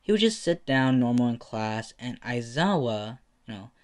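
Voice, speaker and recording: A man's voice: medium pitch, big pitch swings, moderate pace, darkish tone. A man with a slight lisp narrating a fan story casually, rambling with lots of fillers.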